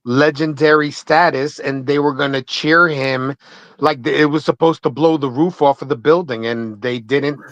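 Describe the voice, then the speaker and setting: A man's voice: on the high side, steady tone, normal speed, fairly bright tone, dry recording, lo-fi sound. A man co-hosting a podcast in casual chat, blunt and dismissive. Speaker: podcast co-host.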